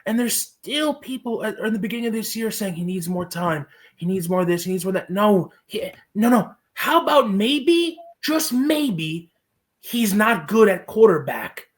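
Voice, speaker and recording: A podcast co-host, a man, in full rant mode, swearing hard and hammering his points. His voice jumps up and down in pitch as he gets worked up, and he talks in loose, casual banter. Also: big pitch swings, moderate pace. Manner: ranting, profane, emphatic.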